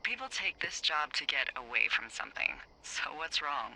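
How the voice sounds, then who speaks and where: An actress playing a wry, teasing lookout supervisor who swears freely, heard over a walkie-talkie radio in a video game. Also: female voice, deep voice, sing-song, moderate pace, creaky, pushed and bright, slight background noise, heavily acted, rough recording. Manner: playful, sarcastic, swears freely.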